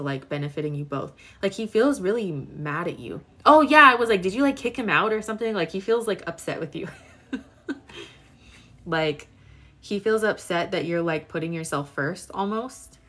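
A woman's voice: on the low side, fairly bright tone. Chatty young woman reading tarot live. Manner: casual, chatty, many "like"s, talks to live viewers. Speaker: tarot reader.

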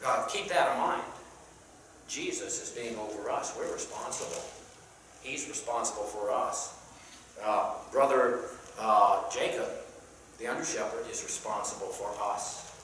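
A Sunday school teacher leading a Bible class in a church, talking conversationally with many pauses and questions to the class, and reading scripture aloud in King James wording. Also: medium pitch, fairly bright tone. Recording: very echoey room, mic far off, faint background noise.

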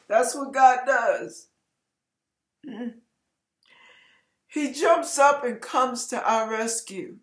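A hoarse woman giving an encouraging devotional message as an online ministry preacher, with emphatic, repeated exhortations. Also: on the high side, slow pace, long pauses. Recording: echoey room.

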